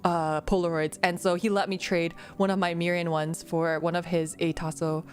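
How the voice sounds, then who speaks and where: A woman's voice: fairly low pitch, little pitch movement, normal speed, a little mellow. Giggly rambling young woman streamer. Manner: rambling, giggly, many fillers and restarts. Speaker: VTuber streamer. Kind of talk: casual Q&A chat.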